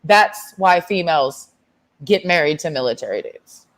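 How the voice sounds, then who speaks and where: A woman's voice: low-pitched, expressive, normal speed. A young woman ranting casually to camera, telling a story in a blunt, sassy and profane way. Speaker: vlogger. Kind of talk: casual rant.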